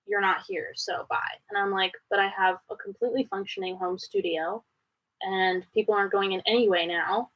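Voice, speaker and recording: In a rough recording, a Canadian woman with a fairly bright tone hosts a live Q&A stream from home. Chatty and rambling, she hops from thought to thought with fast pitch jumps while answering viewer questions.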